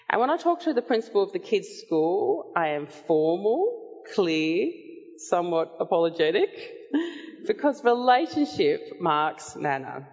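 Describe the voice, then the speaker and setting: Woman preacher, unhurried sermon delivery, earnest and measured, dull recording with long reverb. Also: low-pitched, darkish tone. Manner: earnest, measured Bible teaching.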